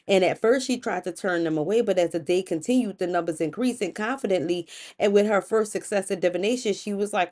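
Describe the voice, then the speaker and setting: Mellow-voiced woman telling a myth. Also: lowish voice, fairly quick. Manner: playful, slangy asides. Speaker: podcast host. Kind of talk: casual storytelling of myths.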